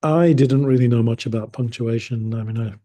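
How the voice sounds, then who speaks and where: A man from England talks through an English lesson in a casual, meandering way, often stopping to correct himself. His voice is mellow and a little husky, and his humor stays dry. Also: mid-range voice, fairly quick. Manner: rambling, self-correcting, dryly amused. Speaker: English teacher.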